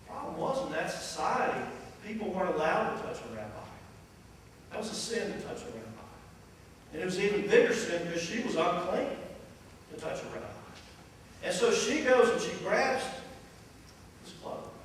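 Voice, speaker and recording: An animated man preaching with a highly expressive voice that swoops up and down. He sits in a cavernous church hall, picked up from a distance with faint ambience behind. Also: moderate pace, slight background noise. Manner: animated, storytelling, acts out voices. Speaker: pastor. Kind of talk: sermon. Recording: echoey hall from far off.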